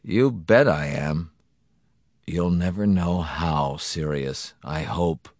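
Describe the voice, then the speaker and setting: A man reading a story, voicing a grumpy middle-aged husband trying to quit smoking, with a rasping, irritable delivery. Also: rumbling low, slow, a little mellow, no room sound, studio quality, exaggerated voice. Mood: grim. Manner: gruff, irritable.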